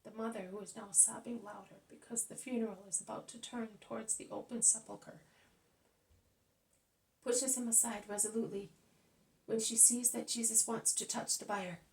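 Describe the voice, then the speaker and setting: A woman narrating a religious text in an earnest, steady reading voice. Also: fairly high pitch, moderate pace, vocal fry, recorded from a distance, poor audio.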